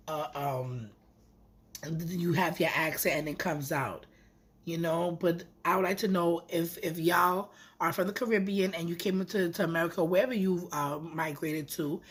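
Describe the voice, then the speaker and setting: Husky-voiced woman vlogging. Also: on the low side, unhurried. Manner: chatty, rambling, with lively asides. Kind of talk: casual chat to camera.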